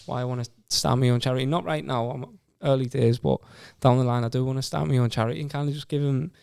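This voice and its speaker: A man's voice: medium pitch, fairly even intonation, fast talker, gravelly, darkish tone, clean tone, no room sound, clean studio sound. A man in his twenties with a Teesside accent, a podcast guest telling his story casually and earnestly, often repeating words as he goes. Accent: Teesside English. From Stockton-on-Tees, England. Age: 20s.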